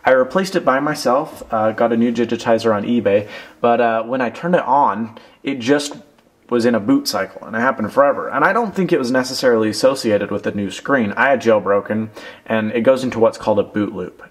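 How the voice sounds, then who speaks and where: A man's voice: medium pitch, fairly quick. A young man talking casually through a product review, telling a rambling self-deprecating story while handling a phone case. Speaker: tech reviewer.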